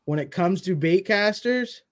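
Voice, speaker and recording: A man guesting on a podcast, answering questions in an easygoing, relaxed way. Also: high-pitched, unhurried. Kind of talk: casual chat.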